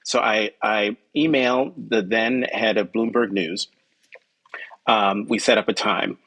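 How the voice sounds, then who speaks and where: The recording is low quality, and the man talks a little slowly. As a journalist guesting on a podcast, he tells a story from his own life in a conversational, animated way, acting out the quotes with pitch jumps and frequently stumbling into ums and self-corrections.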